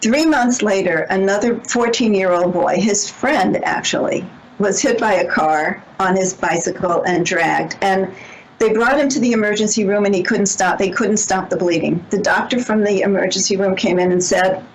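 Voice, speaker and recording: A woman's voice: mid-range voice, moderate pace, a little hiss or hum, poor audio. A woman guest on a radio interview, telling stories earnestly and often restarting her sentences. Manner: earnest storytelling with frequent restarts. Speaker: author and guest.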